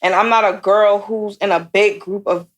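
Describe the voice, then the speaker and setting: A young woman co-hosting a podcast, telling a story in a blunt, animated, profane way, casual chat. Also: medium pitch, normal speed. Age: young adult. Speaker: podcast co-host.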